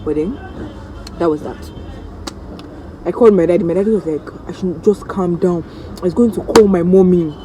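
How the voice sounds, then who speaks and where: A Nigerian woman vlogger telling a story-time tale in an animated, dramatic way, acting out the voices of the people in it. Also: lowish voice, normal speed, pauses often, background noise.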